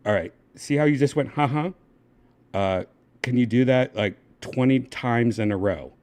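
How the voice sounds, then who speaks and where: A man hosting a casual livestream who talks in a pushy, halting way and keeps restarting his sentences. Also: mid-range voice, a little mellow. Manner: pushy, halting, repeats himself. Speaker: livestream host.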